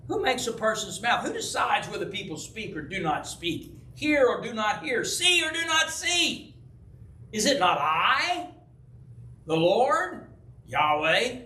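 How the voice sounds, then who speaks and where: God speaks as a patient, commanding deity, asking one measured question after another, as a pastor reads the part. The voice is high and bright. It rings in an echoey church room. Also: male voice, big pitch swings, far from the mic, a little hiss or hum, full character voice. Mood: solemn.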